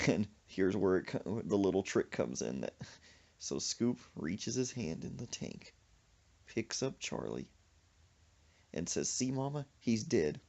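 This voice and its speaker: A male comedian telling a story on a podcast, animated and exaggerated, throwing in sound effects. His pitch swings up and down widely. The recording is dull and lo-fi. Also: slow pace, gravelly, long pauses.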